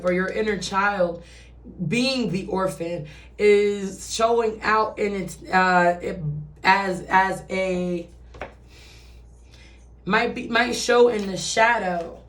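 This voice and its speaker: Lady doing a tarot reading, slow and low-ish, sounds far off in an echoey room. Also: fairly even intonation. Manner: chatty, swearing, acts out quoted voices. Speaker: tarot reader. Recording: roomy echo, distant from mic.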